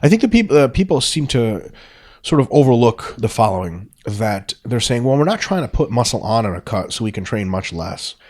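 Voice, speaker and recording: A man's voice: mid-range voice, very animated, fairly quick, a little mellow. A man hosting a podcast in casual chat, joking and swearing, then explaining training science at length. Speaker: podcast host.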